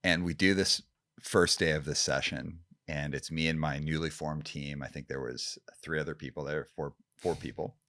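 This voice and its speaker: A man hosting a podcast in casual conversation, relaxed and laughing along with his guest. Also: a bass voice, moderate pace, no room sound, studio quality. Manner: relaxed, laughs along, uses slang like "dude". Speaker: podcast host.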